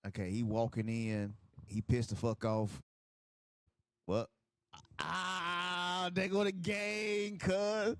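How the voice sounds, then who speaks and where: Excitable, foul-mouthed man reacting to wrestling. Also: high-pitched, dry recording, clean studio sound. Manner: excitable, profane, quick outbursts. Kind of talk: casual reaction commentary.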